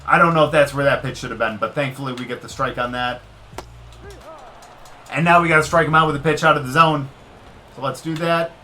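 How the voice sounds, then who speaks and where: A man giving casual let's-play commentary on a baseball video game, excitable and talking straight to the game as he cheers and groans at each pitch. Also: fairly quick, long pauses, faint music behind. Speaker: gaming video creator.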